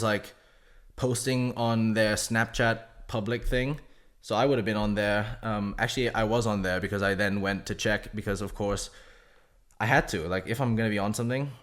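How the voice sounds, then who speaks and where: A man hosting casual game commentary, rambling between stories and matches with plenty of swearing and self-mocking asides. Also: mid-range voice. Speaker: gaming channel host.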